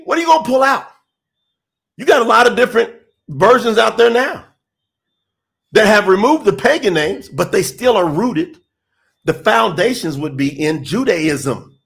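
A man's voice: extremely high pitch, vocal fry, a bit bright. A man preaching in an informal, emphatic style, firing rhetorical questions at his listeners. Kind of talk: informal sermon.

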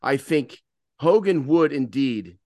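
Man from Maryland, mid-pitched, casual podcast co-host, many fillers, dry sound. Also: lively intonation, dark tone, no echo. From Maryland, USA. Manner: conversational, halting with many fillers. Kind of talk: casual political chat.

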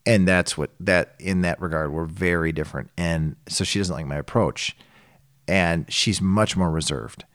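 A middle-aged man in a casual podcast chat who tells stories in an animated way and acts out the voices of the people in them. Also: sits low, normal speed, dry recording, clean studio sound. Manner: animated storyteller acting out quoted voices. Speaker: podcast co-host.

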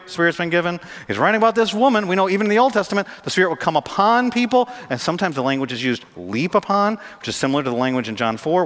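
A man preaching a sermon as pastor, animated and jokey, acting out scenes for his congregation in a church. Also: on the high side. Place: church sanctuary. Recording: long hall reverb.

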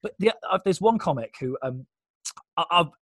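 A man, a comedian, telling quick self-deprecating stories in a casual podcast chat, with lots of fillers. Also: fairly high pitch, expressive, a bit bright, slightly rough, dry recording. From Britain. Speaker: comedian and guest.

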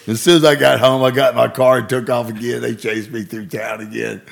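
Guy telling old stories, gets loud and goes up high doing other people's voices. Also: fast, vocal fry, hardly any pauses. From Arkansas. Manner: animated, acts out voices in stories. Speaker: guest storyteller. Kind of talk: casual storytelling.

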